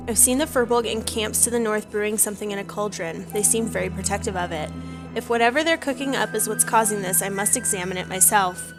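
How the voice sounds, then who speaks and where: A woman's voice: mid-range voice, fast talker, close to an everyday voice. Woman reading as a kindly female researcher. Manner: read aloud in her own plain voice. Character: female hot-springs researcher, kindly quest giver. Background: game music.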